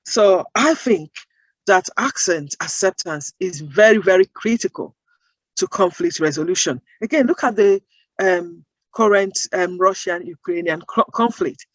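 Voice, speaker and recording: A woman's voice: lowish voice, measured pace, dry recording, dull audio. Earnest woman making emphatic points. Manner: emphatic, builds points with rhetorical questions. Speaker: guest, accent-bias advocate. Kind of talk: interview answers.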